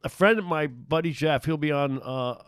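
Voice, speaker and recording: A man hosting a casual chat, tossing in jokes and quick asides. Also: on the high side, crowd noise. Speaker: host.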